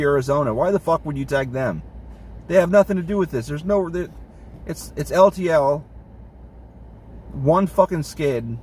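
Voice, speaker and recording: A man's voice: fairly high pitch, lively intonation, normal speed, long pauses, darkish tone, distant mic, a little hiss or hum. A man venting in a casual monologue, swearing often and getting exasperated. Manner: profane, exasperated ranting.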